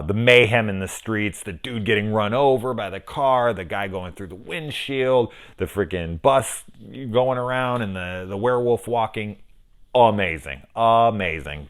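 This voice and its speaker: A man's voice: low-pitched, a bit bright. A man reviewing a horror film in a casual vlog, rambling and enthusiastic, swearing freely as he recounts scenes.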